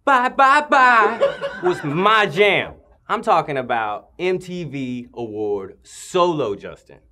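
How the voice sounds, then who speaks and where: A man's voice: mid-range voice, takes it slowly, exaggerated voice. An actor playing a cheerful young man who brags and jokes among friends. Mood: boastful. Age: young adult. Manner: bragging, animated.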